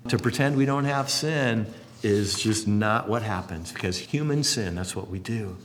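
A man's voice: fairly low pitch, normal speed, slight background noise. A man preaching a sermon as pastor, telling stories and acting out the voices in them. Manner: animated storytelling, acting out voices in quotes. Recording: long hall reverb.

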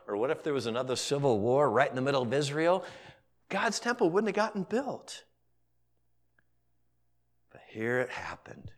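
A man, a pastor, preaching a sermon and retelling scripture as lively storytelling, with casual voices for the characters. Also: a little high. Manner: animated storytelling, paraphrasing characters in casual modern speech.

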